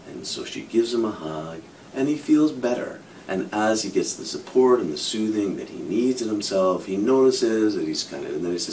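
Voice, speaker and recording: A man's voice: normal speed, few pauses. A middle-aged man, a psychologist, explaining ideas through imagined examples. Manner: animated explaining with hypothetical examples, frequent "kind of". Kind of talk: explanatory talk to camera. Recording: from a distance, faint low rumble.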